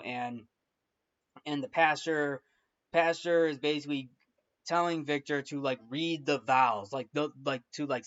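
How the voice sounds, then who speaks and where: A man giving a casual, rambling film recap, full of restarts and fillers. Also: fairly high pitch. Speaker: film reviewer. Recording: dull lo-fi recording.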